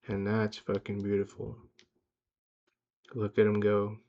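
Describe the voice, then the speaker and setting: This young vlogger sits in his car delivering a rambling, self-hyping motivational monologue full of profanity, all in a casual tone. He speaks in an unhurried monotone on the low side. Audio quality is dull and lo-fi.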